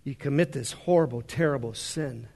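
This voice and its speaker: A male pastor preaching a sermon in a large worship center, swinging between hushed storytelling and rising fervor. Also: medium pitch, normal speed, vocal fry.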